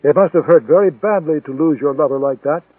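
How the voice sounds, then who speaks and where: Narrator doing a menacing male assassin, taunting, raised and husky, thin phone-like audio. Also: a little high, no echo, distant mic. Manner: taunting, deliberate and threatening. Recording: tinny phone-like sound, dry.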